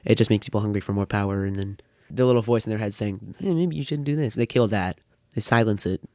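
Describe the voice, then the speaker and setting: A man's voice: lowish voice, fast, a little mellow, no room sound. Thirteen-year-old boy, dry close sound. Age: teens. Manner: rambling, dry wit. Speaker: podcast guest. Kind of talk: casual chat.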